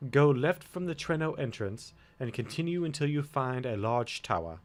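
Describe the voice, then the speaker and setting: A man voicing a kindly elderly male scholar who speaks formally and gently, with lively intonation. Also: mid-range voice, normal speed, lightly acted. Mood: hushed.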